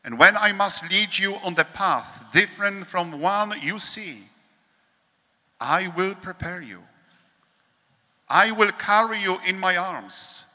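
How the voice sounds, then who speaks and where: A priest reading a devotional meditation in a slow, measured, solemn way, with pauses, in a large hall. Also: male voice, high-pitched, lively intonation, sharp tone.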